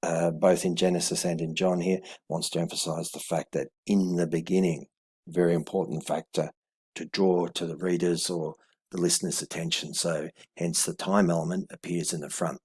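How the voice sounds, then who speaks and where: A man giving a video lesson, explaining in a halting way with many fillers and corrections. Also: deep voice, little pitch movement, darkish tone, slightly rough. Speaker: language teacher.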